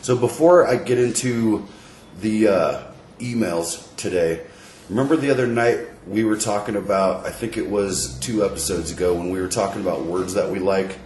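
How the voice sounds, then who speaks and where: A man's voice: lowish voice, moderate pace, darkish tone, roomy sound, a little hiss or hum. A man co-hosting a podcast, chatting casually and telling stories with friends. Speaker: podcast co-host. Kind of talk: casual chat.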